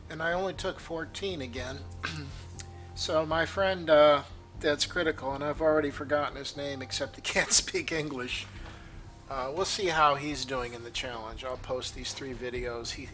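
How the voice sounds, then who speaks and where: A man giving casual, rambling gameplay commentary, opinionated and full of fillers and restarts, with the hiccups. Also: medium pitch. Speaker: gaming video creator.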